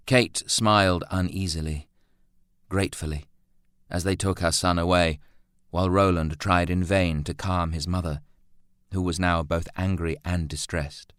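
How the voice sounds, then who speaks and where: Low-pitched male audiobook narrator, dry and close. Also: fairly even intonation, a little slow, a bit bright, clean tone, no room sound. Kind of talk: scripted narration.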